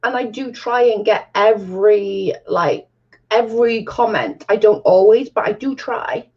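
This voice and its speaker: This livestream host chats with her viewers from home, camera off, laughing a lot in a casual way. She speaks unhurriedly in a mid-range, slightly rough voice, over dull lo-fi stream audio.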